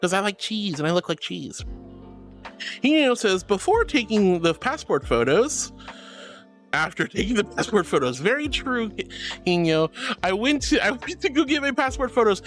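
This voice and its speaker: A woman's voice: mid-range voice, very animated, normal speed. Bubbly woman streamer with a bouncy, swooping voice and light music underneath. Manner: bubbly, giggly, affectionate. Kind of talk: casual chat, reading chat aloud.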